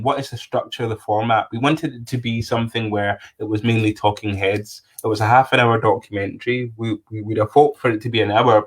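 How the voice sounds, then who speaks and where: A man with a Scottish accent, a filmmaker being interviewed, telling long stories in an animated way with many restarts. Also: medium pitch. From Scotland. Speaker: filmmaker guest. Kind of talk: conversational interview.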